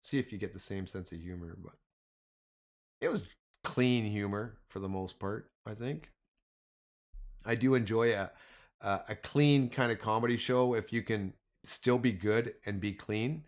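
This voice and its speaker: A man's voice: on the low side, a little slow. A Canadian man with a Canadian accent giving casual, slangy live market commentary to his chat. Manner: slangy, animated, addresses chat as man and boys. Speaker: stock trading livestreamer.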